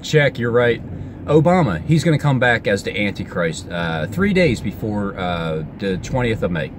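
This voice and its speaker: This is an outdoor vlog: a man talks at a normal speed in a wandering, excited monologue with wildly jumping pitch. He stops, starts over and lets sentences trail off, while traffic and street sounds are clearly audible behind him.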